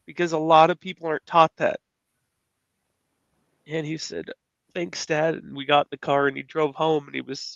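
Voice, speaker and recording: An earnest man in his forties tells a heartfelt story as a podcast co-host. His voice sits a touch high for a man, and he halts and restarts often as he talks. The sound is dull and lo-fi, with a very dry, close feel. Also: a bit bright, no room sound. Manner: earnest, emotional, halting with restarts. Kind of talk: conversational storytelling.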